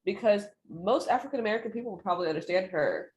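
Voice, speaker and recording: A young adult woman co-hosting a podcast in casual chat, speaking earnestly and reflectively with quick quoted asides. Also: medium pitch, expressive, a little mellow, muffled recording. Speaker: podcast co-host.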